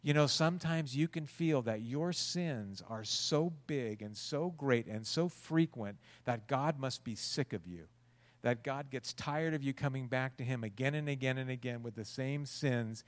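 An earnest male pastor preaching a sermon, talking to the congregation conversationally and leaning on rhetorical questions. His pitch sits in the middle range for a man. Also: unhurried, long reverb tail.

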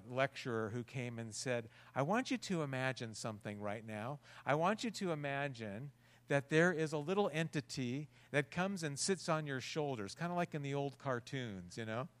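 An earnest male pastor preaching a sermon, talking to the congregation conversationally and leaning on rhetorical questions. His pitch sits in the middle range for a man. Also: fairly bright tone, clear, resonant tone, in a large hall.

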